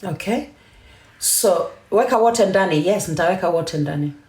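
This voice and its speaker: A woman's voice: fairly low pitch, lively intonation, normal speed, a little mellow, reverberant. A woman from Kenya hosting a live stream, talking emphatically and defiantly, mixing English and Swahili. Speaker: TikTok live host. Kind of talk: heated live-stream rant.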